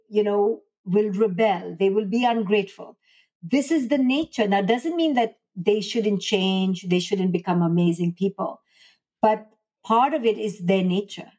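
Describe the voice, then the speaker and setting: Woman psychologist on a podcast, earnest, acts out little dialogues, mid pitch. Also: dark tone. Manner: earnest, acts out parent-child dialogue in quotes. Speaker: clinical psychologist and author, podcast guest. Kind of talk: interview answers, explaining advice.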